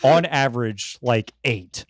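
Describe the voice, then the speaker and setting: A man's voice: medium pitch, measured pace, no echo. Young male podcast co-host: casual, profane, amused storyteller, close dry mic. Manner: storytelling, swears a lot, laughs often. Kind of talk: casual chat. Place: his bedroom at home.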